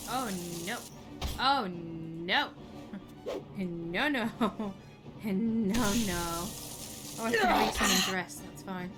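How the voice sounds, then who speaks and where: Young woman, casual gaming streamer, giggly and exclaiming, game music behind. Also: mid-range voice. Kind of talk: casual live gameplay commentary.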